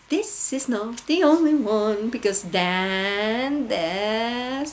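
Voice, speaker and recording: A Dutch-accented woman in her thirties hosts a casual knitting video podcast from home, gushing and gasping with excitement over yarn. Her voice is on the high side, with drawn-out words and few pauses.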